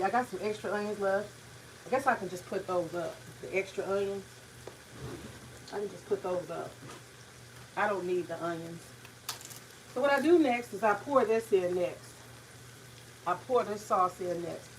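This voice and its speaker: A chatty woman talking through her cooking in a home kitchen, wandering from point to point and stopping to hunt for words. She sits a little back from the mic, and a soft sizzle of frying runs underneath. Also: mid-range voice, recorded from a distance, slight background noise, poor audio. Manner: chatty, rambling, searches for words. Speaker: home cook vlogger. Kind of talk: casual cooking vlog.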